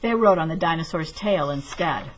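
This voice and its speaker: A woman teacher reading a picture book aloud to children and then explaining a craft project, clear and patient. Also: low voice, lively intonation, normal speed, slight background noise, rough recording.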